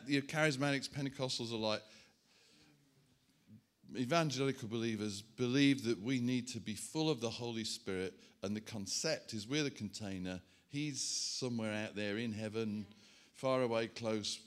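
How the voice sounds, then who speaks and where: Pastor doing a sermon with props, chatty asides, pokes fun at himself. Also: male voice, medium pitch. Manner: animated, self-mocking, chatty asides to the congregation. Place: church hall.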